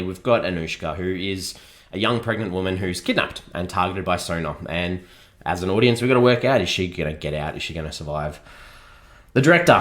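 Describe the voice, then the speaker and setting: A man casually reviewing a film on a podcast, chuckling often as he mocks what he saw. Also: low voice. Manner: chuckles often, mocking and critical.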